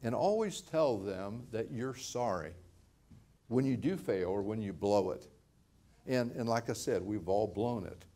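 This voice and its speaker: A man's voice: on the low side, expressive, unhurried, dark tone. Older pastor man giving a sermon, chatty, stumbles and repeats words, chuckles a lot. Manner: conversational, repeats words, laughs often.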